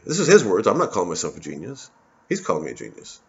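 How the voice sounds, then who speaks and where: A man's voice: low voice, very animated, quick pace, gravelly, dull audio. A male comedian in a profane, rambling, sarcastic monologue to camera, with many restarts.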